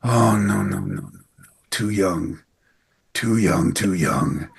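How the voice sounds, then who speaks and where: A man voicing a gloomy doom-saying male anesthesiologist who mutters low and grim. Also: takes it slowly, creaky, husky, exaggerated voice.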